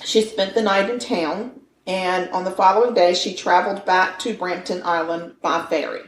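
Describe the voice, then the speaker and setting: A woman's voice: lowish voice, fairly even intonation, normal speed. A woman in her fifties co-hosting a podcast, telling a true-crime story with playful, joking banter. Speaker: podcast co-host. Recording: echoey room with faint noise.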